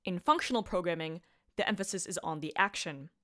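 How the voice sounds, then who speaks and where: A woman's voice: lowish voice, a little fast, pushed and bright. A woman lecturing on programming in a scripted voice-over, upbeat and playful with punchy asides. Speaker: computer science lecturer.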